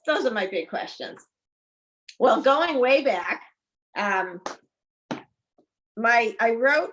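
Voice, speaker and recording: A woman's voice: medium pitch, fairly bright tone. A woman in her fifties with a Boston accent, chatting as a guest on a video call, friendly and full of ums. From Massachusetts. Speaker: guest author. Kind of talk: casual video call chat. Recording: dull video call audio.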